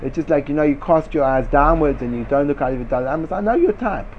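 A man teaching Torah in a lively, argumentative discussion, firing rhetorical questions and sprinkling Hebrew and Yiddish yeshiva terms into his speech. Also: on the high side, fast talker, muffled recording, a little hiss or hum. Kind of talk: lively Talmudic-style discussion.

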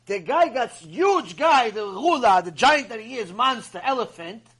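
A man, a rabbi, giving a Torah ethics lecture as an animated story, using Hebrew terms along the way. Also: very high-pitched, a little slow, husky.

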